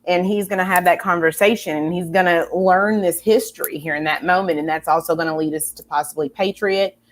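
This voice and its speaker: A woman's voice: on the low side, fairly even intonation, brisk. Rambling, enthusiastic woman host. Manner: enthusiastic, rambling, many fillers and restarts. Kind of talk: casual pop culture chat.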